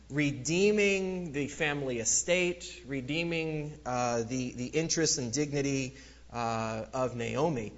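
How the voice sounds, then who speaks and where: A man giving a casual, lively Bible lecture, with many fillers, acting out the quoted lines. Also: mid-range voice, measured pace, muffled recording. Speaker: Bible teacher. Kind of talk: lecture on scripture.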